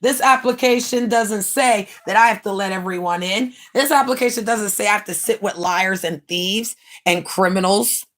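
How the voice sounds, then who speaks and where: A woman hosting her own livestream, ranting in a brash, profane, mocking way with sudden bursts of shouting. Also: medium pitch, moderate pace, few pauses. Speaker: livestream host.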